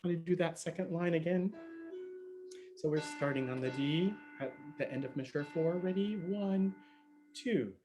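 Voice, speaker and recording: A man's voice: fairly high pitch, normal speed, music in the background. A man teaching a harp and singing workshop online over a video call, chatty and friendly, laughing often and counting in. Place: home room on a live video stream.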